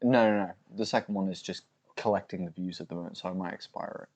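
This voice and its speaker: A man's voice: low voice, steady tone, fast, darkish tone. A man co-hosting a live fight stream, chatting casually and chiming in with short, agreeable replies. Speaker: co-host of a fight watch-along stream.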